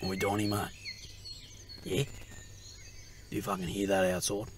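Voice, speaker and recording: A man's voice: sits low, completely flat delivery, unhurried, noisy background. A man voicing a paranoid, constantly swearing bogan camper in an adult cartoon. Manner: paranoid, swears constantly, swings from whisper to yelling. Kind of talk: adult animated comedy voice acting.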